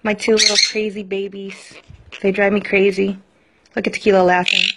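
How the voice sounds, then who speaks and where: A woman's voice: medium pitch, little pitch movement, moderate pace, very noisy. A woman filming her pet parrots at home, talking to them in sing-song baby talk. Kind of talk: casual talk to pet birds. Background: squawking parrots.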